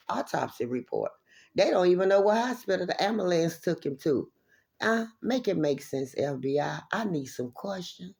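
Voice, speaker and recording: Gravelly, husky woman ranting to camera. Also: deep voice, darkish tone. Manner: profane, confrontational, repeats herself. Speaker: vlogger addressing viewers. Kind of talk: angry direct-to-camera monologue.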